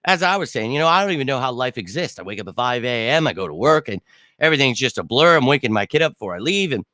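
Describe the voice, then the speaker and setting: A man's voice: medium pitch, sing-song, fast, sharp tone, no room sound. A young man hosting a casual livestream chat, rambling and blunt, swearing casually. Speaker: sports channel host.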